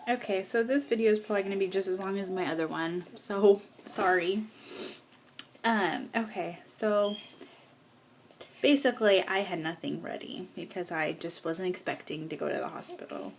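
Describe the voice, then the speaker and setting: A woman's voice: medium pitch, normal speed, a little hiss or hum. A young woman telling her birth story as a casual home vlog, emotional and rambling with lots of fillers, holding a nursing baby as she talks. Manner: emotional, rambling with many fillers, tearful at times.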